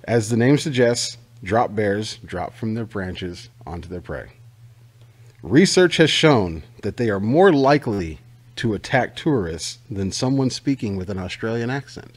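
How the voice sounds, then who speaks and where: Profane, rowdy American podcast host. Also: male voice, lowish voice, lively intonation, a little slow, slightly rough. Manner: profane, riffing, mock-salesman energy. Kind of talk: casual comedic podcast chat.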